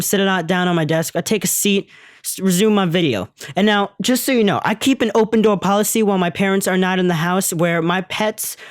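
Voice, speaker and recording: A woman vlogger telling a comic story in a profane, slangy, animated way. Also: fairly low pitch, no echo, clean studio sound. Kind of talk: comedic storytelling vlog.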